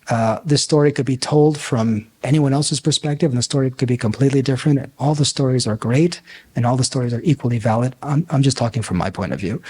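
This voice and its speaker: A man with a husky voice in a mid-range pitch delivers a conference talk. He works like a storyteller, acting out the people in his anecdotes and swinging his pitch up and down as he goes. As a physician and coach, he speaks plainly and directly to the audience. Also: darkish tone. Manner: storytelling, acts out dialogue with big pitch swings.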